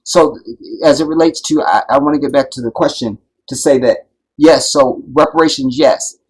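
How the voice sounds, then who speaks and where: A man hosting a live stream, talking in an impassioned, preachy way that builds to loud, emphatic peaks and keeps checking that his listeners follow. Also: mid-range voice, moderate pace, breathy edge, poor audio. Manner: preachy, builds to loud emphatic peaks, keeps asking "you see what I'm saying". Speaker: livestream host.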